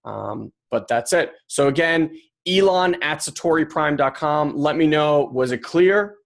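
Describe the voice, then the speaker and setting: Man, podcast host, casual motivational talk, animated, acts out voices, slightly high voice. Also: a little slow, vocal fry.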